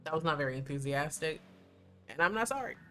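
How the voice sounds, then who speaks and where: Young woman vtuber doing game commentary, low voice, jokey asides, faint game music. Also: animated, fast talker, fairly bright tone. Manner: wry, joking asides. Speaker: vtuber streamer. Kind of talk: casual let's-play commentary.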